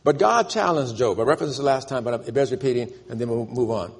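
A man's voice: mid-range voice, fast, slightly rough. A man preaching a sermon, emphatic and calling on the congregation to repeat after him, in a church. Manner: emphatic, calls for congregation responses. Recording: long church reverb.

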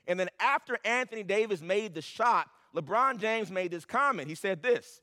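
A man's voice: high-pitched, expressive, moderate pace, bright, forceful tone, long reverb tail. A man preaching a sermon as pastor, building to emphatic, repeated lines.

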